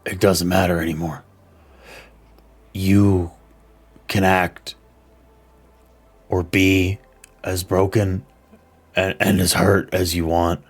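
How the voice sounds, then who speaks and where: A man voicing a loyal male vampire who speaks slowly, calmly and softly. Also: deep voice, breathy edge, exaggerated voice. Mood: steadfast. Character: loyal steadfast male vampire, quiet and firm.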